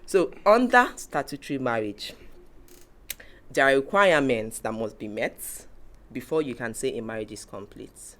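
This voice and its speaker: A woman's voice: very deep voice, animated, normal speed, a bit bright. A woman hosting a casual talk show, explaining points from her notes. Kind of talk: casual panel chat.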